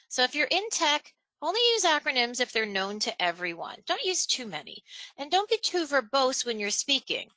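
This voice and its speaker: A woman presenter leads a virtual training session on a video call, talking energetically and putting emphasis on her key points. Her voice sits a little high and bright, and the close mic sounds dry. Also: dry recording, poor audio. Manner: energetic, emphatic, varies tone and pace on purpose. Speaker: webinar presenter.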